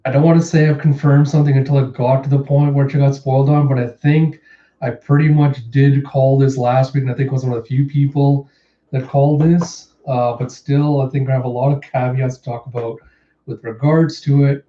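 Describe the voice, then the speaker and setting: A man's voice: mid-range voice, level tone, brisk. A young man casually reacting to and reviewing a comic chapter, chatty, laughing, and acting out the characters as he reads. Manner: chatty, laughing, acts out voices. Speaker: manga reviewer. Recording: echoey room, dull lo-fi.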